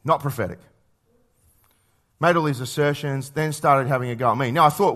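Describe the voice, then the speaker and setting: A man preaching a sermon to a congregation, speaking in a natural middle-range voice. He moves between relaxed storytelling and rhetorical questions, and he slows down and softens to read scripture. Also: medium pitch. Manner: conversational, anecdotal, with rhetorical questions; reads scripture slowly and quietly.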